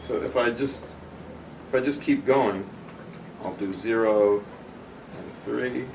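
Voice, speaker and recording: A man's voice: medium pitch, slow, gravelly, a little mellow. A man patiently walking a small group through a demonstration step by step, in casual explanatory talk. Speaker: presenter demonstrating tuning software. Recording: distant room mic with background noise.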